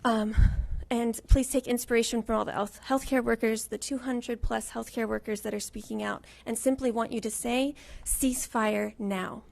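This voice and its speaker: Woman with a fairly high voice pleading at a public meeting. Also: steady tone, moderate pace, vocal fry, few pauses, a little mellow. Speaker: public commenter. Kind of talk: public comment at a county meeting.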